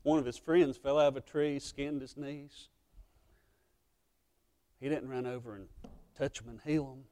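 A man preaching a sermon as pastor, emotional and impassioned, swinging between loud passages and hushed ones. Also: mid-range voice, fairly even intonation, measured pace, pauses often.

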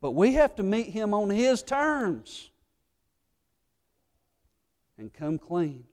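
Male pastor delivering a sermon in a high voice, fervent and then hushed, with a long hall reverb. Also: very animated, takes it slowly. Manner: swings from fervent loud pleading to quiet earnest low tones.

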